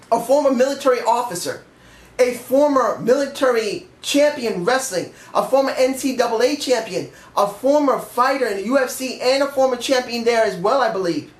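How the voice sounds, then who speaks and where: A man's voice: very high-pitched, expressive, moderate pace. A man giving a rambling, emphatic and candid casual review of a wrestling show. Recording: echoey room.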